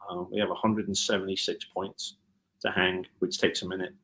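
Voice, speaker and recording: A man from Liverpool with a Scouse accent softened by American, a guitar tech chatting in an interview and telling stories with many ums and restarts. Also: low voice, flat delivery, brisk, a little hiss or hum. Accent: Liverpool (Scouse), with some American mixed in. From Liverpool, England. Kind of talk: casual interview chat.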